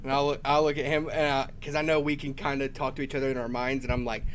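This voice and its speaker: A man playing a tabletop role-playing game, talking in character in an animated, stammering way and laughing often. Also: medium pitch, fast talker, a little hiss or hum. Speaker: player.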